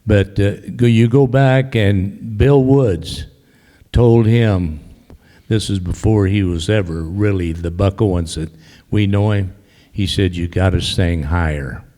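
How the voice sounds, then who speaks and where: A man's voice: fairly low pitch, measured pace, mellow. An older man, an audience member giving rambling, folksy remarks with many restarts. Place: library event hall. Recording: long hall reverb.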